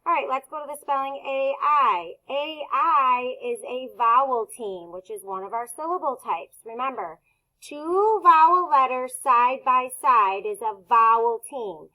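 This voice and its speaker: A woman teaching a phonics lesson to children, speaking slowly and patiently as she sounds out words. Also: high voice, lively intonation, pushed and bright, poor audio.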